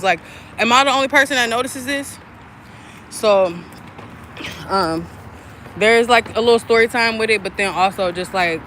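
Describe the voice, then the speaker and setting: Mid-range and slightly bright, her voice comes through with a little background noise. She's a spiritual content creator and mother around thirty, rambling openly in a livestream chat, swearing without restraint and leaning on "um" and "like" to fill gaps.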